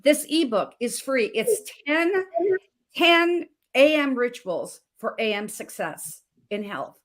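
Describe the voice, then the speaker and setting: Passionate high-voiced woman health coach. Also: lively intonation, slow pace, fairly bright tone. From Montana. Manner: passionate, emphatic, repeats phrases. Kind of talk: emotional personal story on a talk show.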